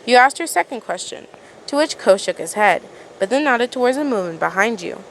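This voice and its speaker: A woman's voice: fairly high pitch, animated, fairly quick, slight background noise, low-quality recording. A woman reading a second-person fan story aloud in a casual way, often stumbling over words and restarting. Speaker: fan fiction reader.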